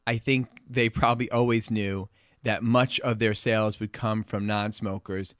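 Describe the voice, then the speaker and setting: A man's voice: fairly low pitch, steady tone, normal speed, a bit bright, no room sound, studio quality. A man with a Long Island accent co-hosting a pediatrics talk show, opinionated and blunt as he talks through health news. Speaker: podcast co-host, pediatrician.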